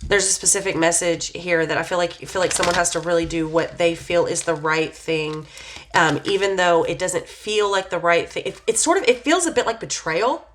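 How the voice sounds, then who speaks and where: A woman's voice: fairly low pitch, normal speed, slight background noise. A woman giving a casual tarot reading, talking in a meandering, hesitant way full of fillers as she muses on what she senses. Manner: reflective, intuitive musing. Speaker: tarot reader.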